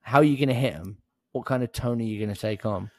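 A chatty man with a London accent cohosts in an easygoing, joking way, tripping over his restarts. The recording is dry and close. His pitch is middling for a man. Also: fast talker, dry recording. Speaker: podcast co-host. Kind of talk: casual chat.

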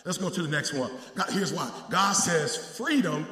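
In a roomy, echoey hall, a man with a slightly high voice and lively intonation preaches call-and-response style. He climbs to shouted peaks, then drops back to quick asides to the congregation.

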